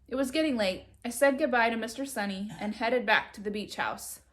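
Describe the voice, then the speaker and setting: A woman reading a children's chapter book aloud in a lively, expressive way. Her voice sits a little high. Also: a little fast. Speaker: reader.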